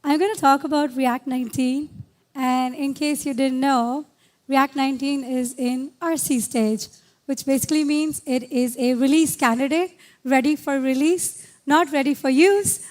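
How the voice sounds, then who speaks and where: High-pitched hoarse woman presenting at a tech conference, brisk and direct. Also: fairly even intonation, a little mellow. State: hoarse, lost her voice. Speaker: conference speaker.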